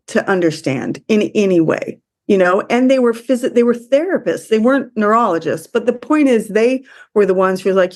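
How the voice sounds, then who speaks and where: A woman from the US speaking as a podcast guest, emotional and halting, often restarting her sentences. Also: mid-range voice, lively intonation, darkish tone. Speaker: interview guest. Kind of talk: conversational interview.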